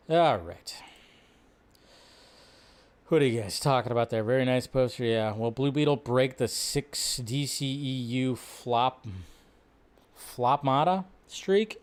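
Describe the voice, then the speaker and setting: A young adult man hosting a casual live stream, rambling and animated, with frequent restarts. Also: mid-range voice. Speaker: host.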